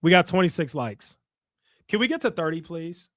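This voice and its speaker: A man's voice: fairly high pitch, very animated, moderate pace, fairly bright tone. A young man from Chicago hosting a casual livestream, reading comments and teasing his viewers playfully. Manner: teasing, playful trash talk to chat. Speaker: livestream host.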